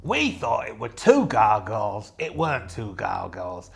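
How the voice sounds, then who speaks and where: A man's voice: fairly low pitch, huge pitch swings, unhurried, creaky, fairly bright tone, husky. A man, chatting casually as he plays and explains a solo tabletop game, rambling and joking along the way. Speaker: solo game player and host.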